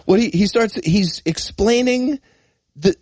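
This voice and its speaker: A man co-hosting a comedy podcast, cracking deadpan jokes in casual banter. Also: high-pitched, unhurried, dry recording.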